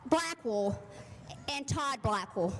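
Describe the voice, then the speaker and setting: A woman from South Carolina, introducing herself on a handheld mic, hesitant and pausing with fillers. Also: fairly high pitch, lively intonation, fairly bright tone, long reverb tail, slight background noise. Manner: hesitant, listing names with fillers. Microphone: handheld microphone.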